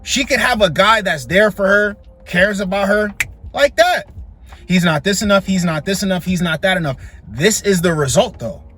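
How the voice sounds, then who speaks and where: A man's voice: sits high, moderate pace, sharp tone. A man hosting a reaction video, talking in a blunt, mocking way as he comments on clips.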